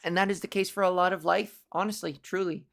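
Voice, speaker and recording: A woman's voice: lowish voice, fairly even intonation, quick pace, gravelly. A woman comedian hosting a solo podcast, talking in a blunt, profane, riffing way. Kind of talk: casual solo podcast monologue.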